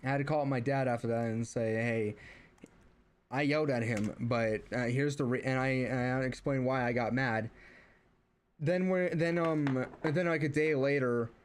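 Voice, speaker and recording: A man's voice: medium pitch, normal speed, clean tone. A young man streaming, ranting casually about family, rambling with many restarts and fillers and rising when riled. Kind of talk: casual rant while streaming.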